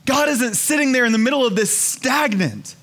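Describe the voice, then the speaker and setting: A male pastor preaching a sermon to his congregation, moving from hushed, slow emphasis to excited, near-shouted exclamations. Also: very high-pitched. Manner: dynamic, swings from hushed to exclaiming.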